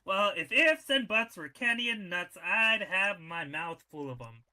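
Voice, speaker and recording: A man's voice: high-pitched, animated, a little slow, sharp tone, soft background music, rough recording. A man calling wrestling matches and announcing winners, with a playful, joking banter style. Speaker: wrestling commentator and ring announcer. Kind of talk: excited play-by-play commentary.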